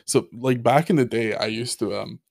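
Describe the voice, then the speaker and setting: A man on a podcast talks in an easygoing, playful way, leaning on fillers and breaking into laughs. His voice sits at a middling pitch for a man. The sound is dry and close, with no room around it. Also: normal speed, creaky, darkish tone, dry recording. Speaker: podcast co-host. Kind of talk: casual chat.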